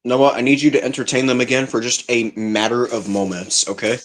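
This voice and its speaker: A man hosting a live stream in casual, playful chat, quick to laugh. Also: medium pitch, level tone. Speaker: live streamer, show host.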